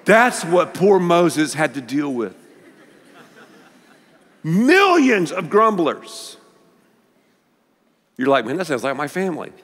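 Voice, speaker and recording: A man preaching a sermon as pastor, with an animated, playful manner. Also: a little high, slow, long pauses. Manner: animated, playful, leads the congregation in call-and-response. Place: large church auditorium. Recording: long reverb of a large church hall.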